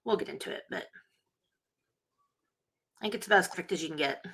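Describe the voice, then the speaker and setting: A woman's voice: lowish voice, quick pace, a bit bright. A woman co-hosting a movie podcast in casual, giggly, rambling chat. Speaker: podcast co-host.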